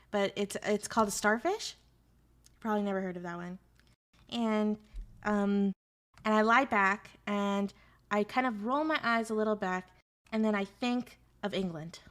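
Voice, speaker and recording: A woman's voice: mid-range voice, a bit bright. A young woman streamer chatting casually with her audience, sarcastic and joking as she answers chat.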